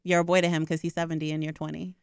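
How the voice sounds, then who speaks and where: A woman with a slightly low, smooth voice tells stories quickly and animatedly, filling her speech with "like". It is casual podcast chat, recorded dry and close. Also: no echo. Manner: animated storytelling, fast, lots of "like". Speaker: discussion participant.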